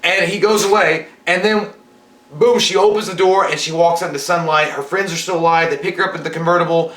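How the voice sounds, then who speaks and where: A man's voice: on the high side, fairly even intonation, a little fast, fairly bright tone. Jokey profane man in an echoey room. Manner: jokey, profane, acts out scenes. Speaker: movie review co-host. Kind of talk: casual chat.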